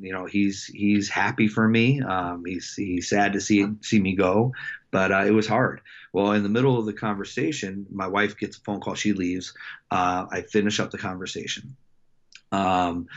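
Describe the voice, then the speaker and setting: A middle-aged man, a wrestling coach, telling a story in a casual interview, reflective and halting with many fillers and restarts. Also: low voice, fairly bright tone, muffled recording. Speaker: wrestling head coach, podcast guest.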